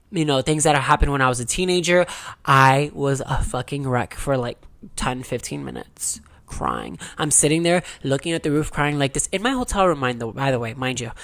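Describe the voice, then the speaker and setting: A young adult woman talking casually to the camera in a candid diary-style confession, chatty and frank, swearing freely. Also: low-pitched. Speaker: vlogger.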